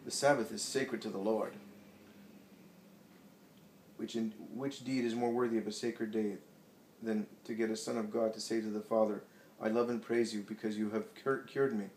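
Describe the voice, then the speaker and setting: A man's voice: lowish voice, fairly even intonation, normal speed, pauses often, darkish tone, natural voice. A man voicing a trembling, greedy old male scribe who stammers and shrieks curses, recorded in an echoey room from a distance. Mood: stiff, pedantic. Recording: echoey room, distant mic, faint hiss.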